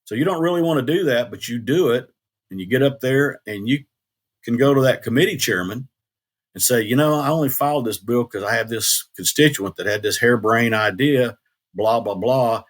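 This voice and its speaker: A man's voice: mid-range voice, normal speed, natural voice. A man putting on a drawling rural Oklahoma lawmaker. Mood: wry, conspiratorial. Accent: rural Oklahoma country. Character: folksy rural male state legislator.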